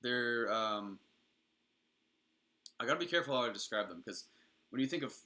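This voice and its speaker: A man's voice: mid-range voice, animated, normal speed, bright, forceful tone. A young adult man streaming, rambling casually and enthusiastically with frequent swearing.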